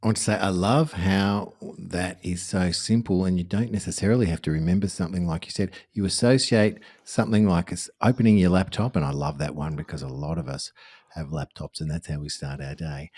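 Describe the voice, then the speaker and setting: A man's voice: low voice, a little mellow, slightly rough. A man co-hosting a podcast, chatting enthusiastically and correcting himself as he goes. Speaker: podcast co-host. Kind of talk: casual podcast chat.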